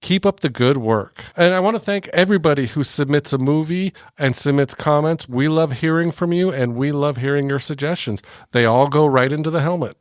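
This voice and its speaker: A man co-hosting a casual movie podcast in a relaxed, joking way. His voice sits a little higher than most men's and is recorded dry and close, with no room sound. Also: a little fast, few pauses, clean tone, no echo. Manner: joking, wraps up with a ranking. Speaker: podcast co-host.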